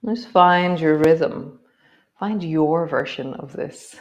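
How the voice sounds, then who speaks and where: A woman teaching a yoga class, guiding the movements with slow, gentle spoken cues. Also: deep voice, lo-fi sound.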